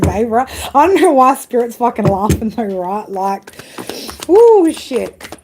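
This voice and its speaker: A woman's voice: fairly high pitch, sing-song, a little slow, darkish tone, slight background noise. A woman doing a casual live tarot reading, chatty and full of swearing, calling her viewers girl and babe. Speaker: tarot reader.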